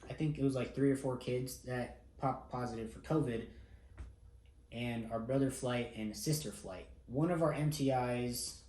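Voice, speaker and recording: A man's voice: mid-range voice, normal speed, mellow. A young man casually recounting a personal story, laid-back and self-mocking, swearing freely. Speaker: vlogger. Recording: roomy echo.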